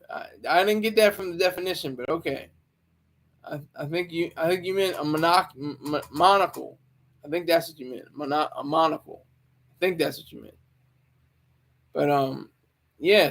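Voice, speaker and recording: A man talking casually on a live stream, rambling with many stammered restarts. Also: fairly high pitch.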